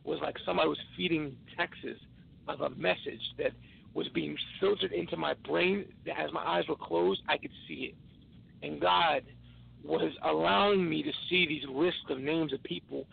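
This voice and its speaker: A tired man, a podcast guest, telling an emotional personal story in an earnest, halting way with many restarts. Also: fairly high pitch, fairly even intonation, creaky, breathy edge. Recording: tinny phone line.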